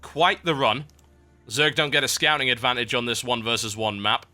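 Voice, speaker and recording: A young British man casting a strategy game match with brisk, wry play-by-play and chatty asides. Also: medium pitch, steady tone, sharp tone, soft background music. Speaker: esports caster. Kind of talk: live game commentary.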